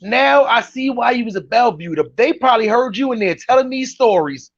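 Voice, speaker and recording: Mocking, high-voiced man riffing on clips. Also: animated, fairly quick, gravelly, dry recording, dull audio. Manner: mocking, incredulous, laughs often, slangy street talk. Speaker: podcast host. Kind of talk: reaction commentary on live-stream clips.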